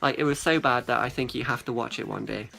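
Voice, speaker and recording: A man's voice: medium pitch, creaky, sharp tone. A young man rambling casually to a friend, chatty and profane, often acting out what people said. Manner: chatty and profane, quick to act out quotes. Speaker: vlogger addressing a friend.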